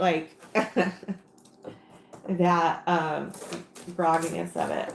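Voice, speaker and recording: Slow, gravelly woman chatting while crafting. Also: sits low, level tone, echoey room, noisy background. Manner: rambling, talks to herself while working, many fillers. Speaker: crafting livestream host. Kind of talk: casual chat while crafting on a livestream.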